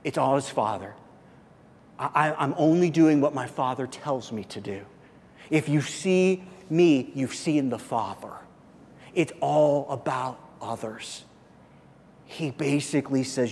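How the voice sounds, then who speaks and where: A man preaching a sermon, emphatic, swinging from loud exclamations to soft, quiet asides. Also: medium pitch, a little slow, big-room sound. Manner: emphatic, rising loud then dropping soft. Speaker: pastor.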